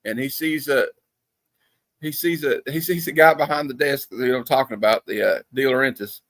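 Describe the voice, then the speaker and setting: A man of middle pitch hosts a casual film review. He rambles and restarts often, piling up fillers as he goes. The sound is close and dry, with no room around it. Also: moderate pace, a bit bright, no echo. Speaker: movie review host. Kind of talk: casual movie review chat. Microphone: streaming setup.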